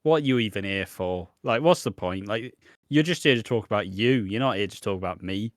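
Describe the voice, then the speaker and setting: A man's voice: on the low side, a little fast, no echo, studio quality. A man co-hosting a podcast, blunt and casually swearing, explaining with lots of fillers. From Britain. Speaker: podcast co-host. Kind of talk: casual chat.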